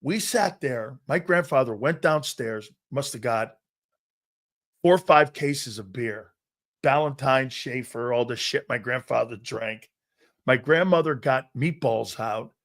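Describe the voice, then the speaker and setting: A middle-aged sports talk host with a mid-range voice tells a profane, animated story at a slightly slow pace, loudly acting out each of its characters.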